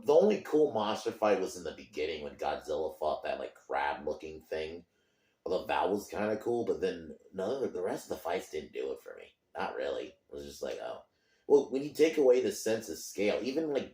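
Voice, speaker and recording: A man's voice: low voice, dark tone, roomy sound. A man ranting in a movie review, frustrated and emphatic, swearing often.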